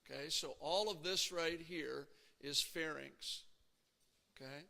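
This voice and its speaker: A man with a slightly high, gravelly, bright, and forceful voice speaks slowly while lecturing an anatomy class. He keeps it conversational, frequently asking "okay?" and "right?", and the lecture hall echoes.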